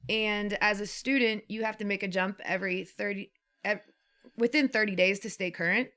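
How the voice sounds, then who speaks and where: A woman's voice: mid-range voice, steady tone, normal speed, fairly bright tone. A young woman co-hosting a podcast, telling a rambling story full of fillers and laughing often. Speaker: podcast co-host. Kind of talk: casual chat.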